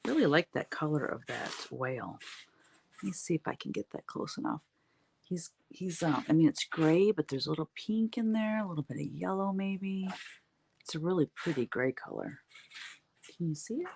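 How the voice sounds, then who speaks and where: A woman's voice: sits low, animated, moderate pace, gravelly, a little mellow, slight background noise. Middle-aged woman, talkative craft-stream host, rambling storyteller, laughs a lot. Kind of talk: casual chat with viewers while painting.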